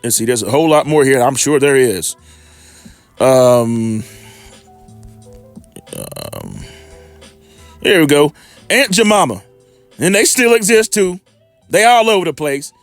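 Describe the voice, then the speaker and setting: A man's voice: on the high side, huge pitch swings, takes it slowly, pauses often, soft background music. A man preaching informally on scripture, heated and profane, with rambling asides.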